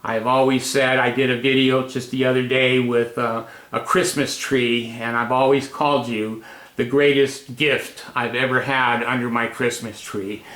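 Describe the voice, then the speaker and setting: A man's voice: mid-range voice, level tone, unhurried, fairly bright tone, roomy sound, rough recording. A man in his eighties hosting a casual home video, rambling affectionately with many fillers. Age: 80s. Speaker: host.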